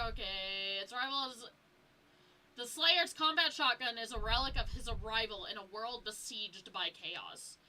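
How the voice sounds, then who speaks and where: Bright-voiced chatty woman game streamer. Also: a little high, rough recording. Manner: chatty, stumbles over words while reading. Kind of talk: casual game stream chat, reading lore aloud.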